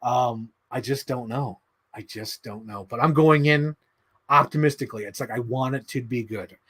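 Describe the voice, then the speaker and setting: A man hosting a live stream, chatting casually in a rambling, opinionated way and swearing often. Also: medium pitch. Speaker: livestream host.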